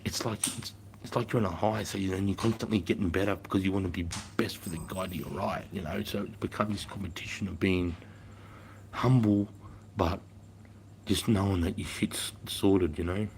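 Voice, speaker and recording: A gruff man in his fifties, his low voice full of gravelly fry. He talks casually and bluntly to viewers, swearing freely as he tells stories. A faint hiss of noise sits under the recording. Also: steady tone, normal speed. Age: 50s. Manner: blunt, profane, storytelling. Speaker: livestreamer and former army instructor.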